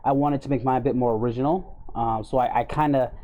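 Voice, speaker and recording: A man talks to his livestream chat in a loose, rambling way, greeting viewers by name as he goes. His voice is mellow and sits at an ordinary middle pitch for a man. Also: steady tone, fast. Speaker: livestreamer and voice impressionist.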